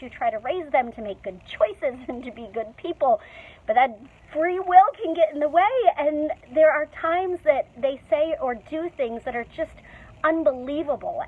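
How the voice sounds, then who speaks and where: A woman pastor preaching a conversational sermon in a church, chatty and humorous, with playful asides. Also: sits high. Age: young adult to middle-aged mother. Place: church sanctuary. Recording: tinny phone-like sound.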